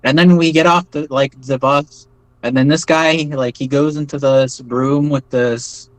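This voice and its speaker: A man of ordinary pitch recounts events in a loose, meandering way, stacking fillers and tossing in "right?" to check in with his listener. The sound is dry and close, with little room around the voice. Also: fairly even intonation, measured pace, no echo, low-quality recording. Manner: rambling, many fillers and tag questions like "right?". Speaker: interview guest, former foreign volunteer fighter. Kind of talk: casual spoken storytelling.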